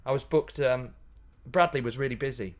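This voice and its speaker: Animated man, laughing a lot. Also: mid-range voice, moderate pace. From Yorkshire, England. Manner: animated, laughing, many restarts. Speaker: pantomime comedian guest. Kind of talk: casual interview chat.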